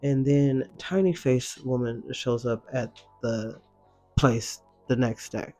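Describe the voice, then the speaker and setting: Slangy, expressive man recapping a show. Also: medium pitch, slow, faint music behind. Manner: slangy, expressive, swears freely. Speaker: reaction video host. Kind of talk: casual recap commentary.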